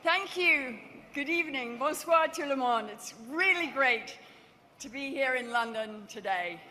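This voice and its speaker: A woman giving a rally speech introducing her husband, speaking slowly and emphatically. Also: sits high, lively intonation. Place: large indoor rally hall. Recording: big hall with crowd noise.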